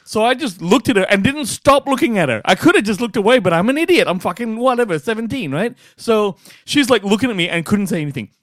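A man in his forties co-hosting a podcast in casual chat, animated, with loud outbursts and free swearing. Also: high-pitched, fast talker, hardly any pauses, no room sound. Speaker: podcast co-host.

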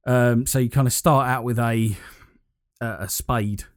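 A man's voice: mid-range voice, fairly even intonation, measured pace, no echo, clean studio sound. A man, co-hosting a casual gaming chat, rambling with many fillers and restarts.

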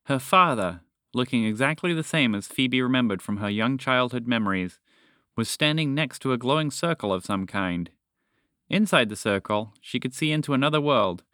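Man, storybook narrator, lively pitch, bright voice, dry close sound. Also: no room sound. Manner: expressive, animated. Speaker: storyteller and podcast host.

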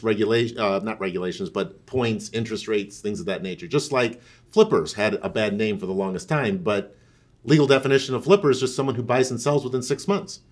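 A man chatting casually on a podcast, telling stories and listing things as he goes. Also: lowish voice. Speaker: real estate professional on a podcast.

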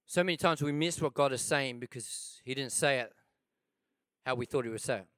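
A man preaching a sermon to his church, calling out "come on" and moving between loud, driving passages and quiet, drawn-out emphasis. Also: medium pitch, no echo, studio quality. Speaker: pastor.

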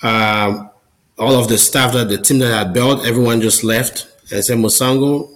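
A man's voice: medium pitch, steady tone, normal speed, fairly bright tone, poor audio. A man as a podcast guest, telling his personal testimony in an earnest, conversational way and often repeating words as he goes. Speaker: podcast guest, Catholic business founder.

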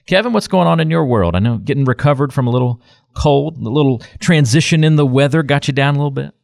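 A man's voice: mid-range voice, animated, fast talker, creaky, darkish tone, no room sound, studio quality. A man co-hosting a podcast, chatting in an upbeat, easygoing way and bringing in the guest. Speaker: podcast co-host. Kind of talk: casual podcast chat.

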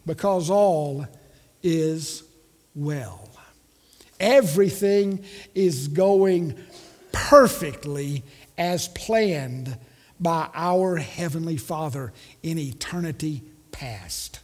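High-voiced pastor preaching in a reverberant church. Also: male voice, expressive, takes it slowly, a little mellow, breathy edge. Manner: rhetorical questions, leads congregation call-and-response. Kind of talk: Christmas sermon. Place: church sanctuary.

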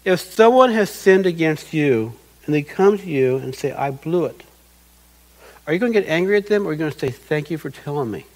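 A middle-aged male pastor delivers an earnest sermon in a high, light voice. He slips into little quoted voices to act out what people say, then comes back to plain teaching. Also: lively intonation, fairly quick, poor audio.

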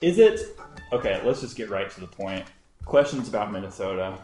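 A man's voice: lowish voice, very animated, fairly quick. A man hosting a comedic podcast live from a bookstore, playful and full of fillers. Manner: playful, hesitant with many fillers. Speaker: podcast host. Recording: echoey room with music.

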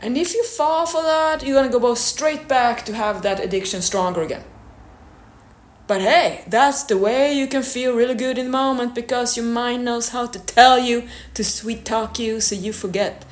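A woman's voice: on the high side, fairly even intonation, moderate pace. A woman fitness coach giving a blunt, candid motivational monologue and swearing now and then. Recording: echoey room.

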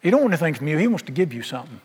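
A man's voice: on the high side, very animated, racing, darkish tone, breathy edge. A man preaching a sermon, folksy and emphatic, firing rhetorical questions at the congregation. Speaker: pastor. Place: church sanctuary. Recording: long reverb of a large hall.

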